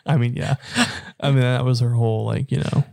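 A man's voice: mid-range voice, creaky, warm tone, dry recording, studio quality. A young American man in casual chat, rambling and laughing, swearing now and then. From United States.

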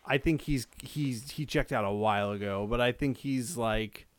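A man's voice: mid-range voice, moderate pace, no echo. Podcast co-host, man, casual rambling delivery, dry close sound. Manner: rambling, swears, many fillers and restarts. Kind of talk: casual chat.

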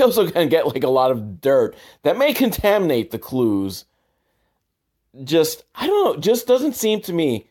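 A man giving rambling, sarcastic commentary on a movie, wandering off on tangents with lots of filler words. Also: medium pitch. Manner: rambling, deadpan, tangent-prone with many "like" fillers.

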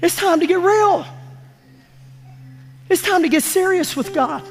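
Over soft background music, a male pastor with an extremely high-pitched voice preaches unhurriedly to his congregation in a church sanctuary. He is emphatic and folksy and draws responses from them. The recording has the long reverb of a large church hall.

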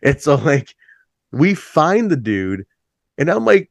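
A middle-aged man in a band, telling stories in a casual chat. He is laid-back, swears freely, says "like" a lot and jumps higher when he acts out a story. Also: big pitch swings, a little slow, vocal fry, no echo. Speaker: band musician, interview guest.

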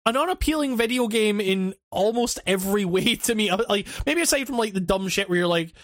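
A man's voice: high-pitched, lively intonation, brisk, fairly bright tone, dry recording, clean studio sound. A man chatting casually about a video game, rambling with many fillers and swears.

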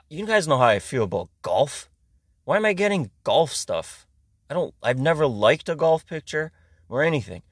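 A man's voice: a little high, fairly bright tone, no room sound. Ranting sarcastic man from Iran, dry sound. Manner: ranting, sarcastic, heavy swearing. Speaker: podcast host. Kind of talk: casual comedic monologue.

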